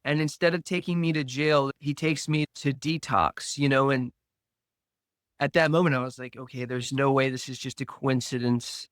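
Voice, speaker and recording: A man, a guest on a podcast, slowly and earnestly telling a personal recovery story, acting out remembered dialogue. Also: medium pitch, steady tone, fairly bright tone, clean tone, no echo.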